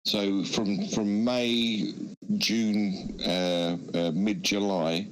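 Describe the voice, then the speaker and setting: An Englishman with an English accent talks in a slow, unhurried drawl on a casual stream chat. His voice sits on the low side, and he hesitates with fillers and throat-clearing. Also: little pitch movement, poor audio. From England. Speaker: regular on a live stream.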